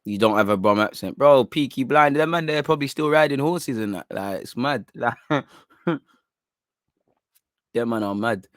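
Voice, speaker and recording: A man's voice: mid-range voice, unhurried, long pauses, dry recording. A young man chats casually with his livestream audience. He teases viewers in street slang and laughs easily. His mid-range voice sounds dry and close, with no room around it. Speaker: football channel host.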